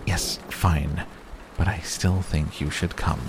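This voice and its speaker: A man's voice: sits low, steady tone, slow pace, background noise. A man voicing an old male tycoon who is cheerful, persistent and talks over others, read as an audiobook character.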